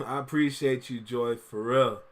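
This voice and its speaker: A man's voice: medium pitch, steady tone, a little slow. A Canadian man hosting a casual reaction video, chatty and upbeat, laughing often. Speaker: host reacting to a livestream.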